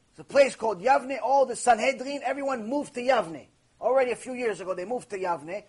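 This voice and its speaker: A man's voice: very high voice, breathy edge. A man teaching Torah in a storytelling lecture, repeating phrases and mixing in Hebrew terms.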